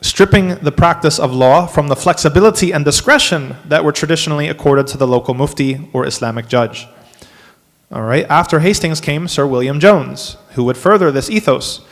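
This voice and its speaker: Imam giving a workshop talk, slightly high voice, animated with wry asides, echoing hall. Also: male voice, normal speed. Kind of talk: lecture to a live audience. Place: mosque hall. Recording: long hall reverb.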